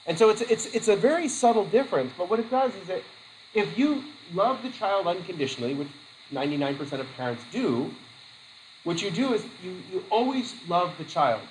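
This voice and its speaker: Male teacher lecturing a class; chatty, animated, fairly high pitch, slight room hiss. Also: fairly quick, rough recording. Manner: lively, acts out quoted voices, laughs easily.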